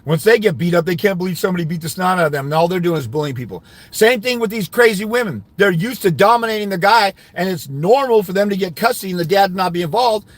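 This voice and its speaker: A man's voice: sits high, lively intonation, quick pace, few pauses, no room sound. A man giving fathers' rights custody advice, ranting indignantly during a livestream while answering comments.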